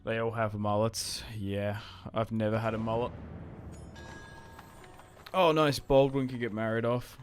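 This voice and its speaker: A man's voice: lowish voice, steady tone, unhurried, long pauses, soft background music. A young Australian man giving casual, rambling, sweary commentary while playing a strategy game on stream. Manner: laid-back, sweary, rambling.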